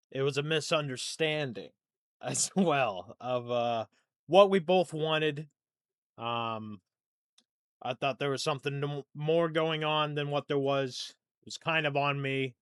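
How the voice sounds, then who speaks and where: A man's voice: medium pitch, unhurried, long pauses, clean tone, dry recording, studio quality. A young man hosting a solo podcast, rambling and self-deprecating, dropping to a mumble and then turning emphatic. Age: young adult. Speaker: podcast host. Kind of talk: casual solo podcast monologue.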